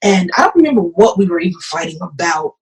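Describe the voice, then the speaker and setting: A woman's voice: on the low side, sing-song, fast, low-quality recording. Woman pastor telling an emotional story. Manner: earnest, emotional storytelling with repeated phrases. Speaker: pastor, podcast guest. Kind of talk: personal testimony in an interview.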